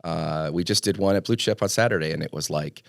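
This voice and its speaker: A man's voice: deep voice, brisk, creaky, no echo, clean studio sound. A man hosting a podcast interview, chatting in an easygoing way and often laughing along. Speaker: podcast host.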